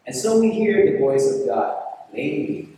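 A priest delivers a sermon at an unhurried pace, restating each line to drive it home. He is picked up from some distance, and his voice rings through a large, reverberant hall. A faint room hum sits underneath. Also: on the high side, very animated, dark tone. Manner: deliberate, repeats phrases for emphasis. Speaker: priest leading a fellowship service. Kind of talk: sermon with scripture reading. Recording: echoey hall from far off, faint room noise.

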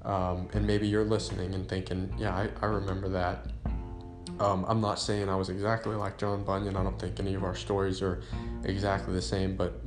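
A man reading an old sermon aloud, then talking casually about the preacher's life with many restarts and fillers. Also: low voice. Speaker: podcast host reading a sermon. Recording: roomy sound with guitar music behind.

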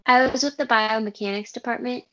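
A young woman, a professional runner, chatting in a plain, measured way. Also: on the high side, steady tone, pushed and bright. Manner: plain, measured, some uh fillers. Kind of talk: casual chat. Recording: dull lo-fi audio.

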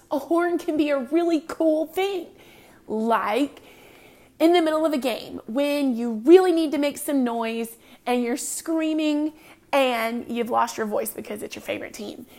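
A woman with a high, light voice talks in a casual, rambling monologue. She fills her sentences with small verbal fillers and swings from soft, low asides to loud, lively bursts. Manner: chatty, with many fillers.

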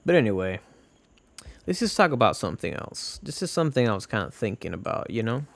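Guy rambling on his own podcast, swears a lot, jumps all over in pitch, dry close sound. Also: very animated, brisk, creaky, no echo. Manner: rambling, profane, jokey. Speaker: podcast host. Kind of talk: casual solo podcast talk.

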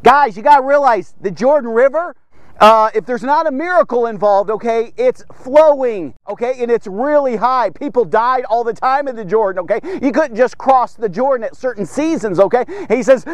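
A very high-pitched male voice, moderately paced and free of room sound, belongs to a devotional podcast teacher. Animated and informal as he teaches from the Bible, he voices the story's figures and repeatedly checks in with "okay?" and "here's the thing."

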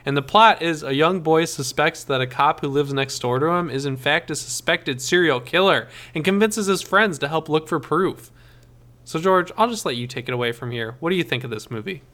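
Podcast co-host guy, bright voice, swears, laughs a lot, chatty. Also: a little high, fairly quick. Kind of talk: casual chat.

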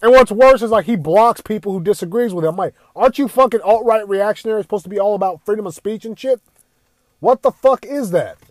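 A young man with a high voice delivers a profane, exasperated rant about gaming. The sound is dry and close, with no room around it. He swears constantly and keeps circling back to his complaints. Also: fast, no echo. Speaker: gaming commentator. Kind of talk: ranting commentary.

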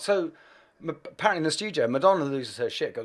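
Brief: expressive male musician guest, candid and profane, with a wide pitch range. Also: a little fast. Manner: swearing, self-deprecating, animated. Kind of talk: anecdotal storytelling.

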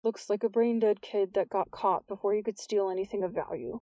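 A woman's voice: medium pitch, a little fast, dry recording, lightly acted. A woman playing a curt, dismissive police sergeant. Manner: flat, clipped, dismissive. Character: curt, unconcerned middle-aged male police sergeant.

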